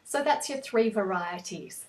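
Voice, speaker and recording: A woman with a general Australian accent, explaining an English lesson in a clear, patient, step-by-step way. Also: medium pitch, expressive, measured pace, a little mellow. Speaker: English teacher.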